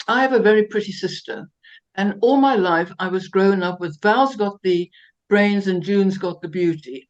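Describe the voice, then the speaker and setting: An older woman from South Africa, a guest telling lively, self-mocking stories with laughs and many restarts. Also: mid-range voice, low-quality recording. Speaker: interview guest. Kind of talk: anecdotal storytelling interview.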